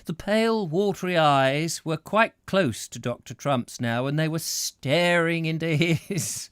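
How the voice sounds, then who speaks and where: A man narrating a novel aloud in an expressive way, with occasional slips. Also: a little high, measured pace, few pauses, clear, resonant tone, no room sound, studio quality. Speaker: audiobook reader.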